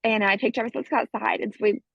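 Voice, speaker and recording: A woman's voice: fairly high pitch, racing, vocal fry, breathy edge, dry recording. A woman in her thirties, a guest on a parenting show, telling a family story and acting out the voices of her child and herself. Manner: lively storyteller who acts out her child's and her own lines. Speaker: guest, course student. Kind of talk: casual storytelling in an interview. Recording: dull, dry close recording.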